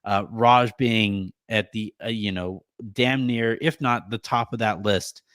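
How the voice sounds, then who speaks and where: A man in his thirties hosting a sports podcast from home, holding back tears as he gives a rambling, halting thank-you full of restarts and fillers. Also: on the low side, fairly bright tone, no room sound. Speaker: podcast host.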